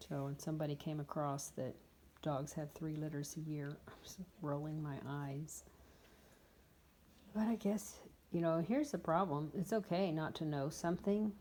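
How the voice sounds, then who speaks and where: A woman's voice: deep voice, fairly even intonation, moderate pace, warm tone, a little hiss or hum. A woman in her fifties, a dog breeder, chatting casually and bluntly about her puppies at her kennel, with exasperated asides. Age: 50s. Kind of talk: casual vlog chat.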